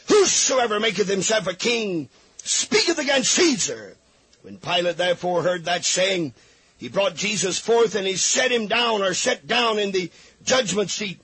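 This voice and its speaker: A man's voice: high voice, pushed and bright, husky, dry recording. A man preaching a fervent sermon, reading scripture aloud and pleading with his listeners.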